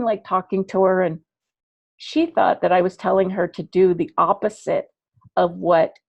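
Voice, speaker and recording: A woman coaching parents in an online class, chatty and animated, acting out little dialogues as she explains. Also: mid-range voice, vocal fry, dry recording. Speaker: ADHD coach teaching parents.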